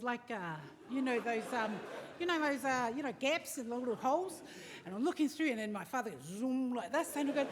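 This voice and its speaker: A middle-aged woman, telling a lively family story with many fillers at a memorial service. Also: a little high. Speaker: family member giving a tribute. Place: large hall at a family service. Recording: long hall reverb, faint room ambience.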